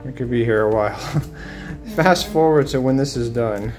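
A man's voice: medium pitch, unhurried, a little mellow, soft background music, low-quality recording. A man hosting a casual vlog, talking in a wry, playful, teasing way. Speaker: vlog host. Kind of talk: casual joking vlog narration.

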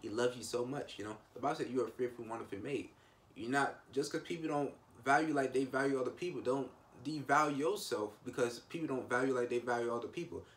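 A man preaching at a quick clip in a plain, mid-range voice. He talks informally and emphatically, repeats himself and restarts phrases. A faint hiss sits under the recording. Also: mid-range voice, fairly bright tone. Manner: repetitive, restarts often, emphatic asides. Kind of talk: informal devotional sermon.

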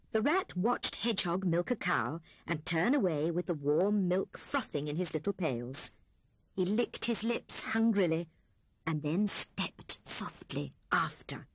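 A woman reading a children's story aloud in an expressive storytelling manner. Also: fairly low pitch, no echo. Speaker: audiobook reader. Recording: 1970s cassette audiobook, dry studio.

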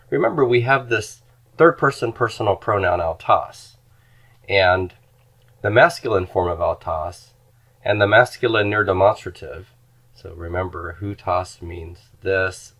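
A man's voice: sits low, a bit bright. A man teaching Greek grammar in a recorded lecture, patiently explaining forms and drilling them aloud.

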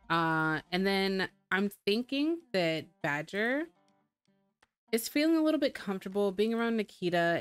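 A woman giving casual let's-play commentary, chatty and rambling as she narrates her own moves in the game. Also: fairly low pitch. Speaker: gamer.

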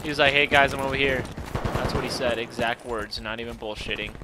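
A young man giving profane live commentary on his own gameplay, muttering one moment and shouting the next. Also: medium pitch, steady tone, brisk, very noisy. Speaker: gaming commentator. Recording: loud game gunfire behind voice.

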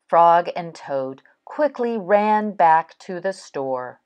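A woman reads a children's story aloud at a very unhurried pace. Her slightly low voice moves lively up and down in an expressive storytelling manner. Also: highs cut off. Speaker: storybook reader.

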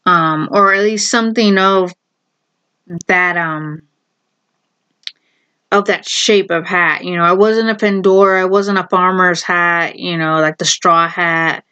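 A woman's voice: lowish voice, fairly even intonation, slow, pushed and bright, smooth. A woman casually retelling a half-remembered movie, rambling and hesitant, full of fillers and restarts. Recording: dull lo-fi home recording.

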